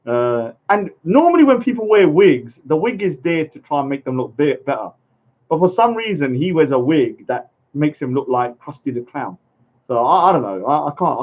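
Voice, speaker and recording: A man's voice: fairly high pitch, darkish tone. A man hosting a casual live stream, rambling, chatting and talking to his viewers. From England. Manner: rambling, chatty, reads chat and addresses viewers. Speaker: livestream host. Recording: dull lo-fi stream audio.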